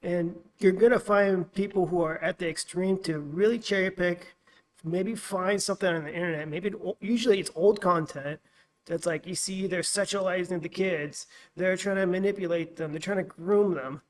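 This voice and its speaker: A man's voice: high-pitched, steady tone, normal speed, rough recording. A man speaking as a guest in a casual podcast chat, explaining his view earnestly and thoughtfully.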